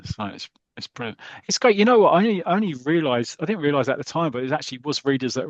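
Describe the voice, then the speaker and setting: A man's voice: on the high side, animated, quick pace, no room sound. Brief: British male podcast host, casual and chatty, stumbles and repeats, dry muffled lo-fi sound. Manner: chatty, repeating words, laughing easily. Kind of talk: casual chat.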